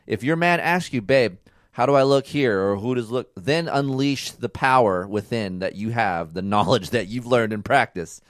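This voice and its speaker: A man's voice: medium pitch, moderate pace, dry recording, studio quality. Blunt, profane man lecturing. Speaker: podcast co-host. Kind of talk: casual couple chat.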